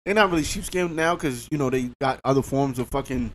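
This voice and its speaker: A man's voice: mid-range voice, brisk, a little hiss or hum. A man co-hosting a casual chat, teasing and joking in slangy talk. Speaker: podcast co-host.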